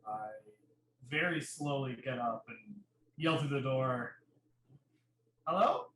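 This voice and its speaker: A man playing a tabletop game, describing his character's actions in a slow, drawn-out way. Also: mid-range voice, fairly bright tone, slight background noise. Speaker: player. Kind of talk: casual in-character narration. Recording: roomy, echoey mic.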